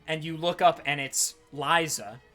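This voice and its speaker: Bright, fast-talking male game master. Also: fairly high pitch, soft background music. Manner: rapid, animated narration with many fillers. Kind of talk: narrating a tabletop game.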